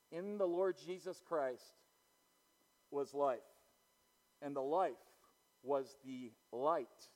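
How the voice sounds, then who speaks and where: A man's voice: fairly high pitch, darkish tone, long reverb tail, rough recording. A man preaching a sermon as pastor to his church, emphatic, swelling and falling back, often repeating words.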